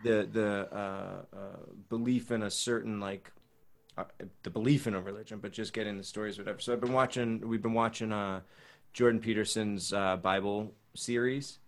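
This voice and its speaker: A man's voice: on the low side, fairly even intonation, normal speed. A young man in casual chat, rambling with fillers and casual swearing.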